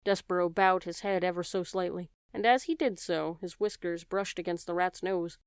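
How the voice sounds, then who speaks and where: A woman narrating a children's audiobook in a measured, expressive storytelling manner. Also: on the low side, clean tone, dry recording, studio quality.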